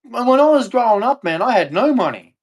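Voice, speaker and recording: A man's voice: very high-pitched, sing-song, a little fast. A man with an Australian accent, ranting angrily and swearing often as he repeats himself. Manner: agitated, profane, repetitive. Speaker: streamer. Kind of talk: angry rant.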